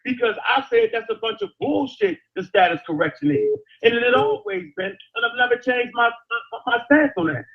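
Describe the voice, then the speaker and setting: A man's voice: very high voice, sing-song, fairly quick, creaky, highs cut off. A man in a heated live-chat argument, defensive and insistent, pressing his points with curses.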